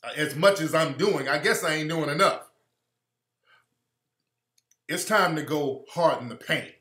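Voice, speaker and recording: A man's voice: fairly high pitch, unhurried, pauses often, bright, forceful tone, echoey room. A man hosting a live stream, giving heated, preachy commentary and repeating his points for emphasis.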